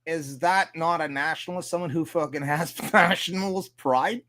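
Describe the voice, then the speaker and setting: A man's voice: fairly high pitch, moderate pace, pushed and bright. A man with a Canadian accent hosting a livestream, ranting casually with heavy swearing and frequent laughs. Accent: Canadian English. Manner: profane, ranting, laughs often. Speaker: livestream host.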